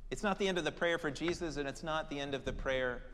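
A man delivers a sermon in a church, his fairly high voice rising into emphatic declarations and then dropping to hushed, prayerful lines. His words carry a long reverb through the large sanctuary. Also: fast, a little hiss or hum. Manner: dramatic, swinging between loud emphasis and hushed prayerful tones. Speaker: preacher.

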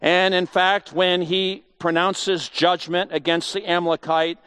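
A man's voice: fairly high pitch, a bit bright, smooth, no room sound. A man giving a conversational Bible teaching, emphatic and full of rhetorical questions.

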